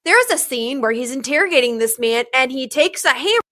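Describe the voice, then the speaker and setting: A woman's voice: sits high, animated, a little fast, sharp tone. A woman narrating movie trivia in a short video, with wry, teasing questions and answers.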